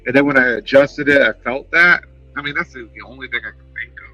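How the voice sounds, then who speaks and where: A man chatting casually on a live stream, talking in an animated, passionate way and swearing freely, speaking into a headset. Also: mid-range voice, quick pace, poor audio. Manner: animated, passionate, profane talk.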